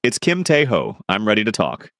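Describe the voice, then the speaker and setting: A man voicing a tough, stubborn male crime boss who gives gruff commands, in a storybook reading. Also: on the low side, wildly swooping pitch, normal speed, a bit bright, no room sound, studio quality, exaggerated voice. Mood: determined.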